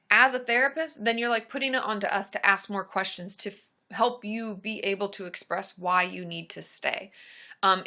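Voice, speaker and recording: Bright, bubbly woman chatting live. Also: medium pitch. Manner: bubbly and chatty, cheering viewers' names. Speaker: therapist. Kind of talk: live-stream Q&A, answering viewer comments.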